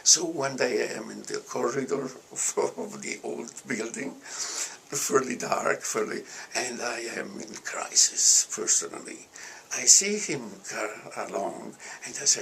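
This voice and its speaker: An older man with an Italian accent, recalling his past in an interview in a halting way, often starting over and laughing at himself. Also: medium pitch, lively intonation, creaky, sharp tone, a little hiss or hum. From Italy. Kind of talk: reminiscing interview.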